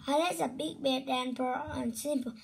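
A woman's voice: high voice, normal speed, vocal fry. A woman reading aloud and voicing a worried young girl who sighs over a lost friend. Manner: anxious, sighing.

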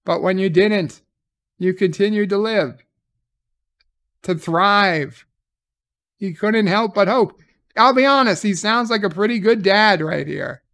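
A man's voice: sits high, slow pace, gravelly, long pauses, a bit bright. A man recapping a TV episode in a casual, sarcastic way, swearing freely as he paraphrases the scenes. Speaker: TV episode reviewer.

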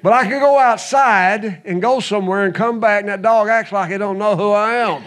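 A man preaching a folksy sermon, telling a homespun story with chuckles and easing into a soft, hushed close. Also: high-pitched, normal speed. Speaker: pastor.

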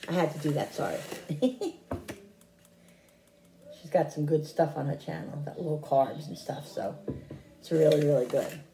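Casting note: middle-aged woman, chatty cooking vlogger, mellow tone, roomy kitchen sound with faint background hum. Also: low-pitched, animated, a little slow, pauses often. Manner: chatty, talks straight to viewers. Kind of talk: casual cooking chat. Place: home kitchen.

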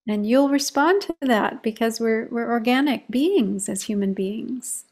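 During a reflective talk on meditation, a woman who teaches the practice recounts a story. She speaks calmly and in a measured way, her pitch slightly high.

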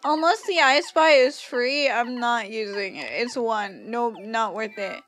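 A woman's voice: a little high, lively intonation, a little slow, a bit bright, faint music behind. A woman streamer chatting casually and wryly while playing a game. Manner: chatty, wry and laughing. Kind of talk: casual gameplay commentary.

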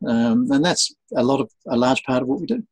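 A man's voice: medium pitch, fairly quick, creaky, husky, dry recording, poor audio. A man being interviewed as a sales trainer, telling stories animatedly and acting out the voices of the people in them. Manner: animated storyteller, acts out quoted voices. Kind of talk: conversational interview.

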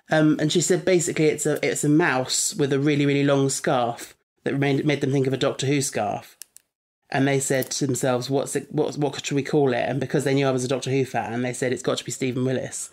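A young man talks in a loose, chatty way and laughs easily as he spins his stories. His pitch sits in an ordinary middle range. He sounds relaxed, like he is chatting with a friend. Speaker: podcast co-host. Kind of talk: casual chat reviewing an episode.

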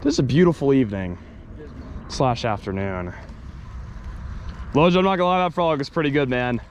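A young man hosting a fishing vlog outdoors, joking and excitable, shouting when a fish is on. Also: medium pitch, brisk, slight background noise. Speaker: fishing video host. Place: outdoors on the water.

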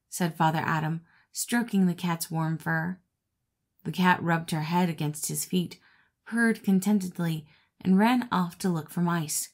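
A woman narrating a classic fable as an audiobook reader, in a steady, expressive reading voice. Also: fairly low pitch, unhurried. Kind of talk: storybook narration.

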